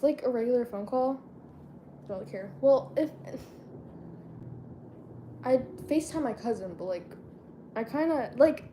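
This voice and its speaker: A woman's voice: a little high, background noise. A teenage girl vlogging in a casual chat, rambling and slangy and often losing her train of thought.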